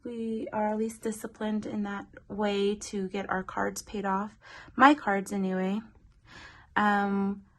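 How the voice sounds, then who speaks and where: A woman's voice: mid-range voice, level tone, slow. A young pregnant woman, a little out of breath, chatting casually through her family's monthly budget with many fillers. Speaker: budgeting vlogger.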